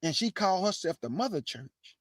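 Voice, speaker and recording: High-voiced preaching man, dry sound. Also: very animated, brisk, dry recording. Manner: preachy, calls audience family, answers imagined questions. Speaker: online preacher, show host. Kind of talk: street-style sermon on prophecy.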